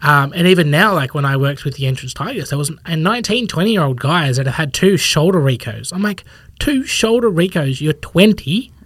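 A man's voice: a little high, expressive, brisk, hardly any pauses, a bit bright, dry recording. A man talking as a podcast guest, rambling casually and acting out what people think in little quoted asides. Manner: rambling, acts out imagined people's thoughts in quotes. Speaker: podcast guest, fitness professional. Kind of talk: casual conversational interview.

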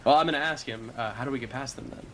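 A man's voice: medium pitch, rapid-fire, crowd noise. A man playing in a tabletop role-playing game, talking through plans casually. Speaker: player.

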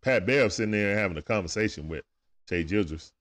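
A man's voice: fairly low pitch, lively intonation, fairly quick, fairly bright tone. A man with speech doing loose, chatty play-by-play on a livestream, talking back to players and viewers. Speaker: livestream game commentator. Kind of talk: casual play-by-play commentary.

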